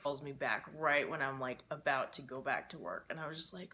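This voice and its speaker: A woman's voice: low voice, a little fast, hardly any pauses, sharp tone. A young woman talking to camera in a casual personal vlog, rambling and emotional with many fillers, stressed and frustrated. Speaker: vlogger.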